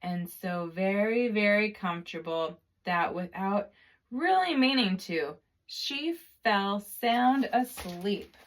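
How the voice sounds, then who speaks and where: Slow, dramatic woman storyteller. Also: mid-range voice, animated. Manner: slow, drawn-out, dramatic repetitions. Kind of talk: expressive storybook narration.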